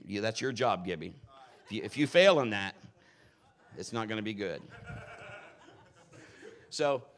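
A male pastor preaching a conversational storytelling sermon in a folksy, personal way with rambling asides. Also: medium pitch.

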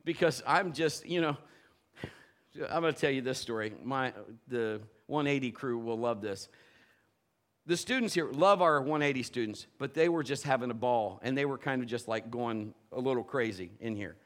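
A man preaching a sermon, telling lively personal stories and acting out the voices of the people in them. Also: medium pitch, moderate pace. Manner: animated storytelling, playful quoted voices. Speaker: pastor.

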